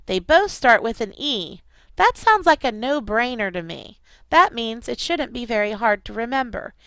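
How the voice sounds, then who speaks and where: Teacher lady leading kids in chants, higher voice, dry close sound. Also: smooth, dry recording. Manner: lively call-and-response chanting. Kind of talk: recorded classroom lesson for kids.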